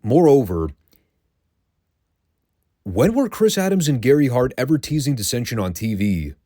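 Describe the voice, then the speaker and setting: A man's voice: mid-range voice, sing-song, moderate pace, dark tone, no echo, studio quality. A man hosting a show, giving a casual, wry recap of old wrestling episodes and swearing now and then. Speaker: podcast host reviewing classic wrestling.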